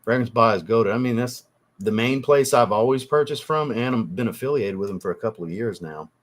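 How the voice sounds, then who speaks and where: A man's voice: mid-range voice, brisk. A man hosting a casual livestream, reading out viewer chat and answering in a teasing, blunt way with casual swearing.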